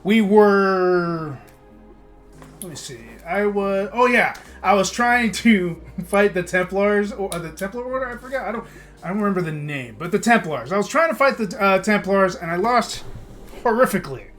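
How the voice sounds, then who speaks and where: A man's voice: high voice, expressive, brisk, a bit bright, faint music behind. A man opening a game stream with casual chat, then venting in a heated, profane, repetitive way. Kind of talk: casual stream intro turning into a rant.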